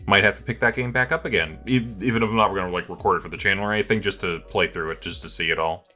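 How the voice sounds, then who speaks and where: A man's voice: sits low, racing, bright, forceful tone, soft background music. A man hosting a casual anime podcast, asking his co-hosts questions and joking around. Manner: asks questions and jokes. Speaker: podcast host. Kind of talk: casual chat.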